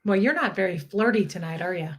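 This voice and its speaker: A woman's voice: medium pitch, expressive, quick pace. A woman hosting a casual livestream, bubbly and giggly, reading out viewer messages. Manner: bubbly, giggly, reads viewer super chats. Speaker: livestream host.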